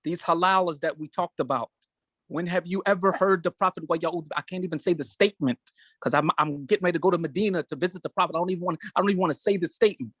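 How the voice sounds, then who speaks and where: A man with a high voice holds forth as host, emotional and insistent. He hammers points home by repeating phrases in a preaching rhythm. The recording is dry, with no room sound. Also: fast, fairly bright tone, dry recording. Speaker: show host. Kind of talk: impassioned commentary.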